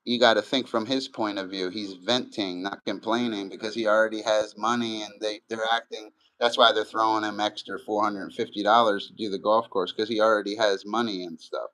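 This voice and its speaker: Profane, rambling streamer man, low-pitched. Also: fairly even intonation, brisk, few pauses, a bit bright, rough recording. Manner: loose, profane, rambling and chatty. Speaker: live streamer. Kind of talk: casual live-stream chat.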